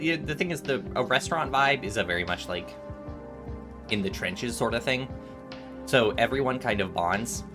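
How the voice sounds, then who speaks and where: A man in his twenties streaming while gaming, chatting casually and telling rambling stories with many restarts. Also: medium pitch. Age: 20s. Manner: rambling storytelling with frequent restarts.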